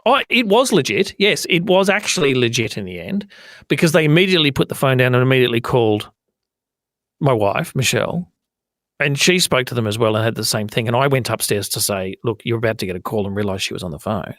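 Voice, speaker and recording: Man, podcast co-host, lively pitch, blunt and sweary, dry close sound. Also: quick pace, no echo. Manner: blunt, swearing, animated storytelling. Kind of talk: casual chat.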